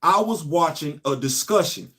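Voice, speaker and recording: A middle-aged man from New York hosting a casual opinion show, talking emphatically and swinging between loud points and low asides. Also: expressive, moderate pace. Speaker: host.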